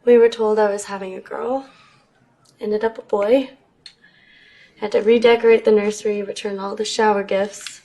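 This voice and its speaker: A weary mother, played by an actress, mellow, even voice. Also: medium pitch, moderate pace, pauses often, a little hiss or hum, close to an everyday voice. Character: weary mother recalling a hassle. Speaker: film character. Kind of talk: film dialogue.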